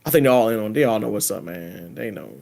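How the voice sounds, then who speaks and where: A man's voice: fairly low pitch, fast talker, gravelly. A man hosting a casual podcast, reading predictions aloud and riffing on them with laughs and slang. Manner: animated, laughing, reads predictions aloud then riffs. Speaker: podcast host.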